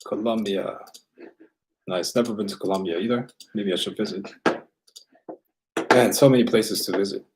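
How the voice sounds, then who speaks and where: A man's voice: on the low side, moderate pace, pauses often, heavy background noise. A man raised bilingual, hosting a casual livestream and answering viewer questions in a loose, rambling way full of fillers and restarts.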